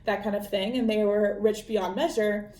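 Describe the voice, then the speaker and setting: A woman's voice: mid-range voice, steady tone, moderate pace, a little mellow. A young woman casually summarizing a book as podcast host, chatty with lots of fillers and frequent laughs. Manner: chatty, lots of ums and likes, laughs often. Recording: echoey room.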